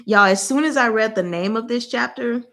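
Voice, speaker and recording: A woman hosting a casual book discussion, animated and exclaiming, often breaking into laughter. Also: a little high, moderate pace. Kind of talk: casual chat.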